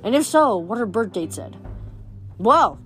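Woman reading a novel aloud, higher voice. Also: animated, a little fast, soft background music. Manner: plain read-aloud with small stumbles. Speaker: reader.

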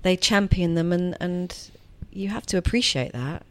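This middle-aged woman, a guest actress on a relaxed podcast interview, speaks warmly and chattily at a moderate pace in a lowish voice. She keeps restarting her sentences and self-correcting.

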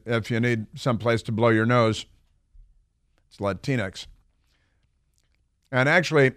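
A man's voice: mid-range voice, clean tone, no echo. A man hosting a talk radio show, delivering a sarcastic, mocking opinion monologue into a studio microphone.

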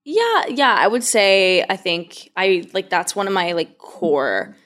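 A young woman from Canada co-hosting a casual sports podcast, chatty and quick to laugh. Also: medium pitch, big pitch swings, a bit bright. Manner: chatty, laughing, filler-heavy. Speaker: podcast co-host.

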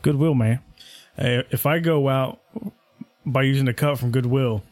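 A man's voice: mid-range voice, normal speed, a little mellow, no echo. A man joking around in casual banter among friends, heard from across the room.

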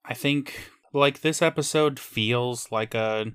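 A man's voice: medium pitch, slow, fairly bright tone, smooth. A man co-hosting a podcast, chatting casually with wry quips and frequent laughter. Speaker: podcast co-host. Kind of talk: casual chat.

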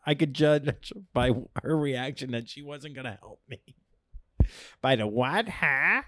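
A man's voice: medium pitch, animated, unhurried, bright, forceful tone, dry recording, clean studio sound. A young man co-hosting a comedy podcast, telling a rambling story in casual chat, laughing often and acting out his own lines. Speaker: podcast co-host.

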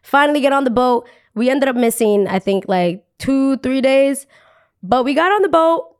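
A woman's voice: high voice, expressive, normal speed, clear, resonant tone. Young woman telling a chatty story. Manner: chatty, repeats phrases for emphasis, frequent "like". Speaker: podcast host telling a story. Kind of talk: casual storytelling.

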